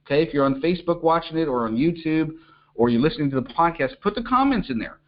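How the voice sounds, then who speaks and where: Energetic middle-aged male business coach, slightly high voice, dull lo-fi audio, keeps checking in with the audience. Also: quick pace. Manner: energetic, repeats "okay?" to check in, acts out little phone calls. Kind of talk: coaching talk to an online audience.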